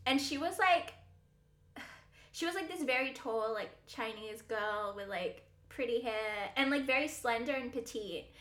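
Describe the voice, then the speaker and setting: A young woman with a high, pushed, bright voice co-hosts a podcast in a roomy-sounding space. She chats animatedly, swearing and laughing a lot. It's casual conversation.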